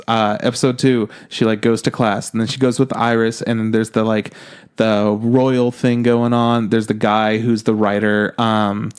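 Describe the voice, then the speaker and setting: A man's voice: fairly low pitch, smooth. Earnest male podcast co-host, casual chat. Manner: earnest, emotional recap with frequent laughs.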